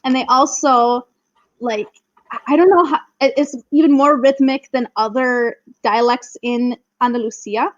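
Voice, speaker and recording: A woman's voice: sits high, steady tone, measured pace, dry recording, highs cut off. A young woman chatting as a guest on a podcast, enthusiastic and full of "like" fillers. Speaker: guest, Spanish teacher. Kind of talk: casual podcast chat.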